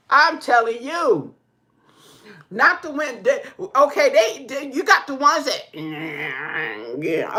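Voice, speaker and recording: A woman vlogger telling stories in casual chat to her viewers, animated, whooping and laughing often, checking in with "okay?" as she talks. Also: fairly high pitch. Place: indoor room with pink walls.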